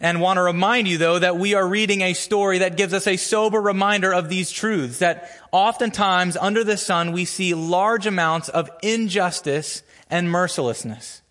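A man's voice: moderate pace, hardly any pauses, fairly bright tone. Earnest male pastor preaching. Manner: storytelling, earnest, builds emphasis with rising pitch. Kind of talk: sermon with opening prayer. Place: church sanctuary.

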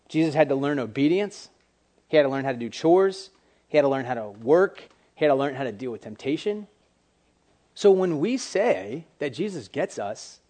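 A man preaching a casual sermon to young people, animated and acting out quoted voices. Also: medium pitch.

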